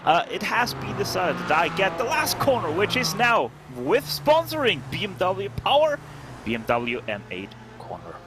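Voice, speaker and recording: A man's voice: high voice, huge pitch swings, normal speed, over music. A man co-commentating a sim race, giving poll numbers and race updates in a matter-of-fact way. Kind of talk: live sim racing commentary. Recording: background noise under commentary.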